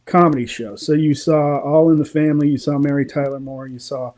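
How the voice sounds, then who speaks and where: A man, a guest in a casual interview, telling animated, opinionated stories and laughing often. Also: a little high, brisk.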